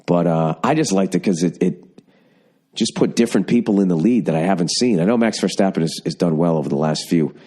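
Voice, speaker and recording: A man's voice: sits low, fairly quick, mellow, breathy edge. A man hosting a podcast, telling rambling, profane stories in casual chat. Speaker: podcast host.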